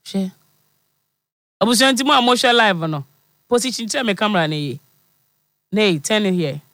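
A man's voice: high voice, lively intonation, normal speed, sharp tone, dry recording, clean studio sound. A man with a Ghanaian accent hosting a live stream interview, talking casually and encouragingly, switching between English, pidgin and Twi.

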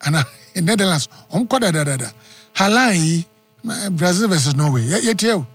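A man with a Ghanaian accent hosting a live sports call-in radio show, energetic and chatty, repeating the phone number. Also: high voice, a little fast, slightly rough, faint music behind. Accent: Ghanaian English.

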